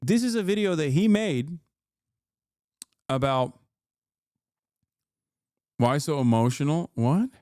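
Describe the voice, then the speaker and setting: A man in his thirties talks through a casual reaction stream with a mocking, sarcastic edge, laughing as he goes. His voice is smooth and resonant, recorded close and dry. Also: fairly high pitch, lively intonation, takes it slowly, pauses often, darkish tone, no room sound.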